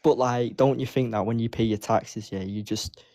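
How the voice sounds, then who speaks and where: A man's voice: mid-range voice, fairly even intonation, normal speed, dark tone, no echo, clean studio sound. A man from Manchester calling in to a livestream, rambling in slang in a mock-serious, trolling way. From Manchester, England. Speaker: caller. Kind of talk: trolling call-in banter.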